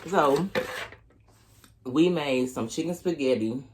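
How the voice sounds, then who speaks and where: A young man from Oklahoma with a local accent, telling a profane, animated dating story while eating on camera. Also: fairly high pitch, slow, noisy background. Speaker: vlogger. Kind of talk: storytime mukbang.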